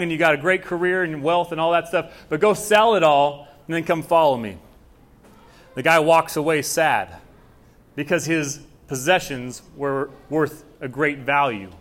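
Young male pastor, conversational sermon delivery with acted dialogue, slightly high-pitched. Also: a bit bright.

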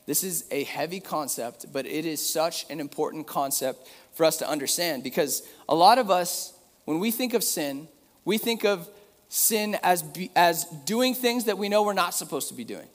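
A man with a slightly higher voice preaches a relaxed, chatty sermon and drops in joking asides. His voice rings out with a long reverb tail, as if he were in a large hall. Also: moderate pace. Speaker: pastor.

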